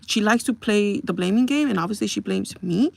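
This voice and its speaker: A woman chatting live to her viewers, her voice carrying a steady gravelly fry. She vents in an exasperated, casual way and keeps turning to the audience to ask if they follow her. She sits in the middle of the usual pitch for a woman. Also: a little fast, no room sound. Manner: exasperated, venting with repeated asides to the audience. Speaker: live streamer. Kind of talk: casual storytelling rant to viewers.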